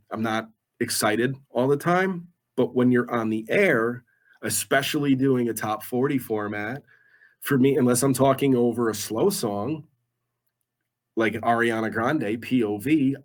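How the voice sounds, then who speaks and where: A man in his forties, a radio DJ guest, chatting casually in a laid-back, self-deprecating way. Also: mid-range voice. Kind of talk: casual chat.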